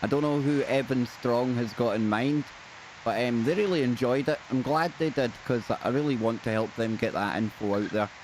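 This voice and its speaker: A man's voice: medium pitch, normal speed, a little mellow, a little hiss or hum. A man with a Scottish accent hosting a live talk show, bantering in a jokey, self-deprecating way. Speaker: host. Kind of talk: casual live-show chat.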